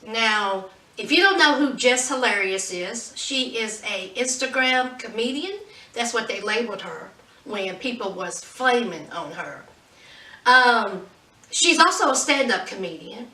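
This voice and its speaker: A woman's voice: a little high, lively intonation, measured pace, sharp tone. A woman vlogger chatting casually about celebrity news in a sassy, gossipy way. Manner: chatty, sassy, says "honey". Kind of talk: casual pop-culture commentary. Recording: roomy echo, distant mic.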